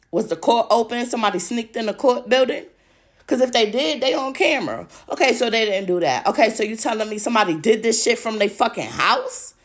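A woman's voice: on the high side, a little fast. A woman hosting a podcast, ranting angrily, swearing a lot and mocking her opponents over and over. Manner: profane, mocking, repeats insults. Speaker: podcast host. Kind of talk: angry ranting monologue.

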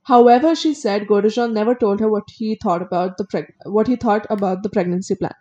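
A woman's voice: medium pitch, fairly quick, dark tone, dull audio. A woman recounting a criminal case in a casual podcast chat, reading out details and adding blunt opinions. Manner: reads case details then adds blunt opinions, some stumbles. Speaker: co-host.

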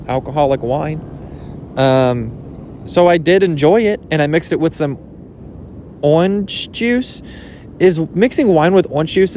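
Rambling young guy vlogging at the beach. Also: a little hiss or hum. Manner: rambling, jokey, swears casually, pitch jumps up when excited. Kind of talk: rambling casual vlog. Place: outdoors at a beach.

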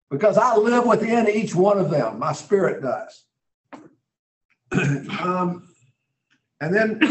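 A man teaching a Bible study lesson in a folksy, conversational way, often clearing his throat. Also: high voice. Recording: roomy echo.

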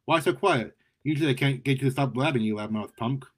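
A man's voice: medium pitch, fast, slightly rough, natural voice. A man reading aloud and voicing a sneering male villain who taunts his foe. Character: sneering male laser-blasting thug.

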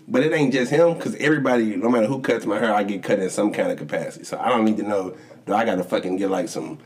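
A man co-hosting a casual sports chat, telling stories animatedly, jumping into high voices to act out quotes and laughing often. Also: rapid-fire. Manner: animated storytelling, acts out quotes with big pitch jumps, swears a lot. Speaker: podcast co-host.

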